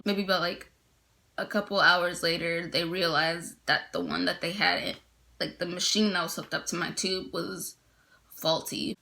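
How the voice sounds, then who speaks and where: A woman's voice: on the low side, steady tone, normal speed, vocal fry, sharp tone. A young woman casually telling a personal story to her viewers, chatty, full of "like" fillers, laughing now and then.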